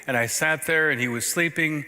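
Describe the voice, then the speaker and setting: A man's voice: a little high, normal speed. Male pastor preaching in a reverberant church. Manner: storytelling, conversational preaching with sudden loud and soft turns. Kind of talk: sermon. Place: church sanctuary. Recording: long reverb of a church sanctuary.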